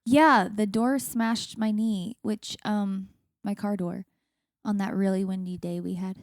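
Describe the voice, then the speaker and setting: A woman co-hosting a podcast in casual chat, animated and quick to laugh while she tells stories. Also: medium pitch, no echo, studio quality. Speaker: podcast co-host.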